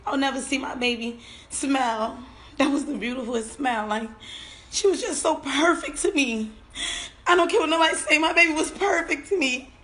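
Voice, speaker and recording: A bereaved mother giving an emotional personal account, tearful and halting, often repeating her words and trailing off. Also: high voice, a bit bright. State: tearful, on the verge of crying.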